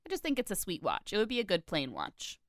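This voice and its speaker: A woman co-hosting a podcast, chatting casually in an animated, gushing way, full of filler words. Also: mid-range voice, fast, dry recording, studio quality. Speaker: podcast co-host. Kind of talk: casual chat.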